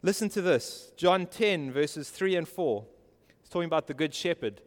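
A fairly high-pitched man preaching a sermon with earnest conviction. He keeps putting direct questions to his listeners. His voice rings out with the long reverb of a large hall. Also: animated, normal speed. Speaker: pastor.

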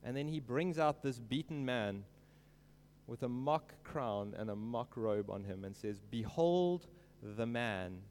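A man preaching an earnest sermon, stressing quoted lines slowly and emphatically. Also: mid-range voice, a little mellow, long reverb tail, a little hiss or hum.

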